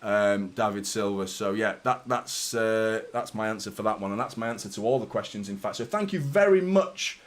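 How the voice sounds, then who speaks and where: A man's voice: fairly low pitch, moderate pace, few pauses. A man, hosting his football fan channel in a rambling, chatty way. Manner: chatty, rambling, repeats "do you know what I mean". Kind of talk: casual vlog chat.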